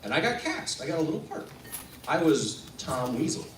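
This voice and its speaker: A man's voice: fairly high pitch, normal speed, a little hiss or hum. A man telling a personal story live on stage, acting out the people in it. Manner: animated, acts out the people in his story. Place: event room at a coffee house performance. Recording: roomy room, voice from a distance, faint ambience.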